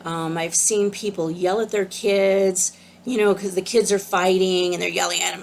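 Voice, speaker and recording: A woman spiritual teacher giving an earnest, gentle, casual talk about an oracle card. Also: fairly low pitch, fairly even intonation, normal speed, vocal fry.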